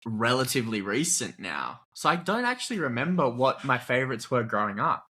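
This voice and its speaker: A man's voice: mid-range voice, sing-song, brisk, sharp tone. A young man from Australia, a guest actor chatting casually in an interview, laid-back and laughing often, with plenty of "like" fillers.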